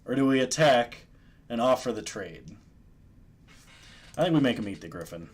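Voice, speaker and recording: A man's voice: mid-range voice, expressive, moderate pace. A man streaming a card game, giving casual, joking commentary and chuckling often.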